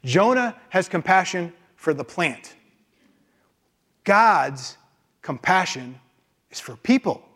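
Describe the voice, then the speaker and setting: Pastor, sermon delivery, high-pitched man, emphatic, punches his points with rhetorical questions. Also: very animated, slow pace, long pauses, fairly bright tone.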